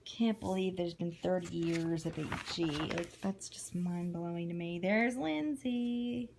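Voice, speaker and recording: A woman's voice: lowish voice, little pitch movement, normal speed, noisy background. Woman vlogger reading from a book, chatty and gushy, keeps going off on little asides. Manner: chatty and gushing, with frequent asides and self-corrections. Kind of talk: casual chat while reading aloud from a book.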